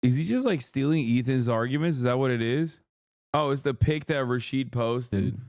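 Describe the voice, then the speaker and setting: A man's voice: mid-range voice, moderate pace, darkish tone, no room sound, clean studio sound. A man in his thirties streaming a reaction, ranting heatedly with profanity and sarcastic mimicry. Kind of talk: livestream reaction commentary.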